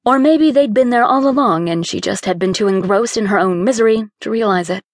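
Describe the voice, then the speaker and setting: A woman reading a romance novel aloud as audiobook narrator, with steady storytelling that lifts on key words. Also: medium pitch, a little fast, dry recording, clean studio sound. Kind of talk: scripted narration.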